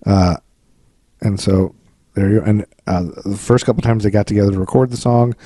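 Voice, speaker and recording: A man's voice: lowish voice, steady tone, brisk, warm tone, no room sound, clean studio sound. An American man co-hosting a podcast in a casual, joking, rambling chat. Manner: joking, rambling, breaks into goofy accents and singing. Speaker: podcast co-host.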